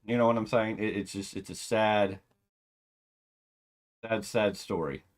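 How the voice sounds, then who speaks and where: A man reviewing a wrestling show in casual commentary, ranting with exasperation and sarcastic asides, loud one moment and muttering the next. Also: fairly low pitch, fairly even intonation, a little slow.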